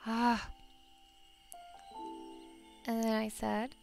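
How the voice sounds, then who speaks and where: Slow, high-voiced woman reading a game. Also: gravelly, soft background music. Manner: gushing, playful asides between narration. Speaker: let's play host. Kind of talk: reading a visual novel aloud with commentary.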